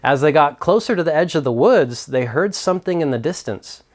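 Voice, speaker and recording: A man with a fairly high voice hosts a mental health video channel. He reads a story and reflects on it in an earnest, scripted way. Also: expressive, brisk. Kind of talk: storytelling vlog narration.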